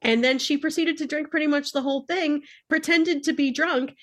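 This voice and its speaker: A woman's voice: high voice, steady tone, normal speed, a bit bright. A woman co-hosting a podcast in casual chat, wry and self-deprecating, laughing as she tells stories. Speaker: podcast co-host.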